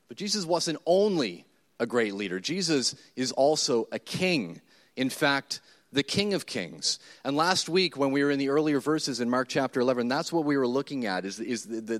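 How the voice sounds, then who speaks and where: A male pastor in his thirties preaching a sermon to his church, talking in a conversational way, repeating words and acting out his own thoughts. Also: medium pitch. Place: church service before a congregation.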